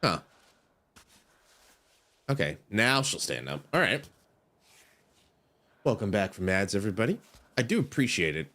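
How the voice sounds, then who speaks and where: A man's voice: fairly low pitch, sing-song, unhurried, long pauses, bright, forceful tone. A man doing let's play commentary, chatty and self-mocking as he talks himself through the game. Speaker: gaming streamer.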